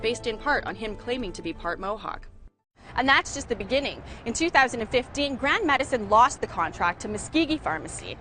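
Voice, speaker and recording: A woman investigative reporter reading scripted news narration in a measured, matter-of-fact way. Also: fairly high pitch, expressive, sharp tone, soft background music.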